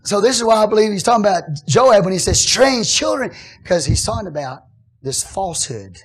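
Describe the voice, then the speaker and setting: A man preaching a sermon as pastor, swinging from hushed, conversational asides to loud, shouted declarations. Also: high voice, expressive, fairly quick, slightly rough.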